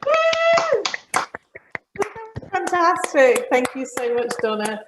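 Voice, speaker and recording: A woman's voice: very high-pitched, huge pitch swings, slow pace, noisy background. A woman hosting a comedy night, bubbly and effusive as she thanks the acts. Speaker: host.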